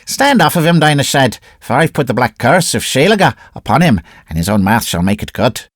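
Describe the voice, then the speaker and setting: A man's voice: mid-range voice, very animated, normal speed, no echo, clean studio sound. A man voicing a bitter old woman who lays curses and later wheedles. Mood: bitter cursing. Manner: prophetic, wailing, bitter. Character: old Irish woman, bitter soothsayer cursing.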